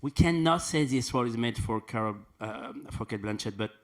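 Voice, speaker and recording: A man's voice: mid-range voice, fairly quick. A man interviewing an actress, asking admiring questions with some hesitant fillers.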